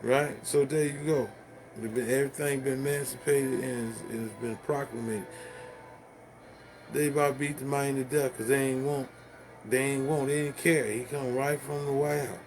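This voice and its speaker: A man's voice: mid-range voice, fairly even intonation, normal speed, a little mellow, a little hiss or hum. A man ranting casually to the camera, rambling and profane, stumbling over fillers and laughing at his own jokes.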